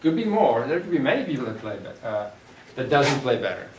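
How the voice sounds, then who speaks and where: A man's voice: medium pitch, sing-song, brisk. A man teaching a class, thinking aloud and putting questions to his students. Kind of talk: classroom lecture. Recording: echoey room, distant mic, clear background noise.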